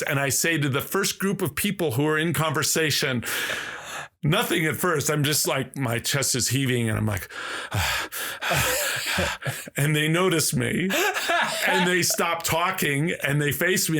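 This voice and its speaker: A man telling a long, animated story as a podcast guest in casual conversation. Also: fairly high pitch. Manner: slow, drawn-out, animated storytelling.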